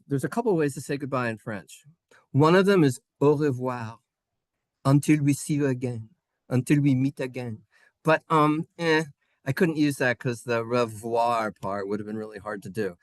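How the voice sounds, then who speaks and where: A man teaching a Hebrew class, playful and sing-song, sounding out letters and syllables slowly for his students. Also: mid-range voice, no room sound. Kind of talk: classroom lesson. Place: synagogue classroom.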